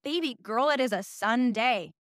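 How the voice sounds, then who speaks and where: A young woman in her early twenties with a high voice tells the story of her week as a podcast host in a casual monologue. She's animated and profane, often poking fun at herself, at normal speed in a dry, close recording.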